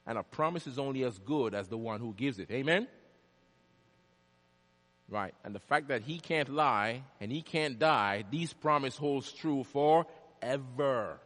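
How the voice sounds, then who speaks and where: A man preaching a sermon as pastor, swinging from loud, emphatic declarations to quiet asides and prompting the congregation to answer back. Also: high voice. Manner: call-and-response prompts to the congregation. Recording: long reverb of a large hall.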